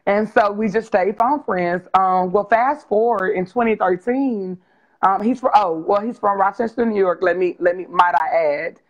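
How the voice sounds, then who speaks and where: A woman in her forties, a guest telling her life story on a video call interview, open and animated. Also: mid-range voice, normal speed, muffled recording. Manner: animated, open, acts out quoted dialogue with laughs.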